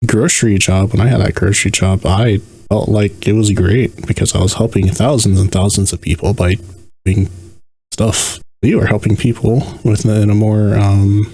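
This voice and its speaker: Brief: low husky male co-host, supportive and easygoing. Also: steady tone, normal speed, warm tone, poor audio. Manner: encouraging, supportive. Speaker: podcast co-host. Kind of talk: casual chat.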